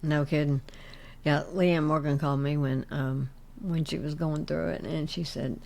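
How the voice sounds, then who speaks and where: A middle-aged woman co-hosting a podcast, supportive in casual chat and quick to laugh along. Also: deep voice, steady tone, creaky, darkish tone, slight background noise. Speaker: podcast co-host.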